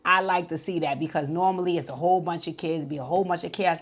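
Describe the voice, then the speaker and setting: A woman's voice: lowish voice, fast. Chatty woman recapping a reality show. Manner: chatty, animated retelling with acted-out quotes. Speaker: TV show reviewer.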